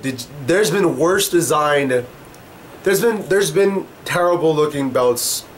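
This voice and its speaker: A man's voice: on the high side, a little hiss or hum. Heated, profane young man ranting. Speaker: wrestling commentator vlogger. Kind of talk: ranting commentary.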